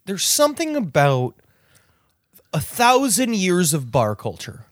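Young male co-host, high bouncy pitch, animated comic riffing. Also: no room sound, studio quality. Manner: animated, goofy, drawn-out delivery. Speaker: podcast co-host. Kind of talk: casual comedic chat.

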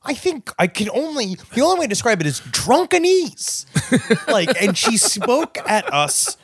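Animated high-voiced joking man. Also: husky, no room sound, studio quality. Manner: animated, goofy, drawn-out delivery. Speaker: podcast co-host. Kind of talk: casual comedic chat.

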